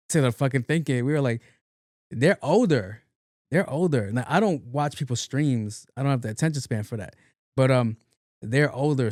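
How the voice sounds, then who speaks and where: A man's voice: mid-range voice, a little mellow, dry recording, clean studio sound. A young man, hosting a casual solo podcast, talking loosely and profanely with lots of fillers. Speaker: podcast host.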